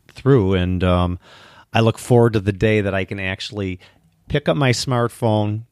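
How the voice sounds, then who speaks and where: A man's voice: fairly low pitch, darkish tone, no echo, clean studio sound. A man hosting a podcast, chatting enthusiastically with his guests. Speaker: podcast host. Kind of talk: casual podcast chat.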